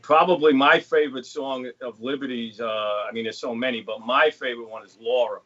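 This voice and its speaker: A man chats as a guest on a video call and rambles, often saying you know. His voice sits at mid pitch. The call audio is a little dull. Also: fairly even intonation, fairly quick, fairly bright tone. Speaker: guest drummer. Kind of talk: casual chat.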